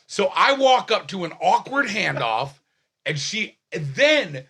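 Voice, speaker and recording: Loud, gravelly young man telling stories. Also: sits high, a little slow. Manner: loud, profane and excitable, acts out voices. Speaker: comedian guest. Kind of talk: animated storytelling in casual chat.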